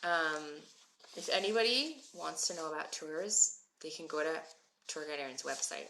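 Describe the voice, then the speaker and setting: A woman in her thirties teaches a live-streamed class, talking casually and calling out viewers by name. Her voice sits a bit low but sounds bright and forward. A faint hiss of noise runs underneath. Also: moderate pace. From moved to Israel as an adult. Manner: chatty, answers viewers by name. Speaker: Hebrew teacher. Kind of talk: live-stream lesson, reading viewer comments.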